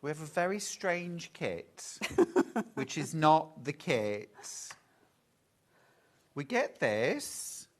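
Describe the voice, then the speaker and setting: A man's voice: fairly high pitch, big pitch swings, extremely slow, pauses often. Chatty craft shopping host, man. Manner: chatty, upbeat selling. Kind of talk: live craft shopping presenting. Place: TV studio.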